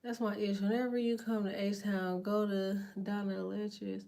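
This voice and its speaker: A woman's voice: medium pitch, level tone, normal speed, dark tone. A woman hosting a casual livestream from her bed, talking to viewers in a rambling, profane, slangy way. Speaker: tarot livestream host. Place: in bed at home.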